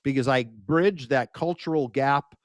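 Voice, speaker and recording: An older man with an American accent, a media expert guest telling lively stories and acting out quoted exchanges in a casual interview. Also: medium pitch, a little slow, no echo, clean studio sound.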